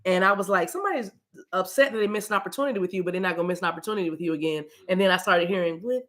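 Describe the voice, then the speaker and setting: A woman's voice: fairly low pitch, very fast, fairly bright tone. A middle-aged woman hosting a live tarot reading. She chats casually and with animation, often laughing and talking straight to her viewers. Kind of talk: casual livestream chat.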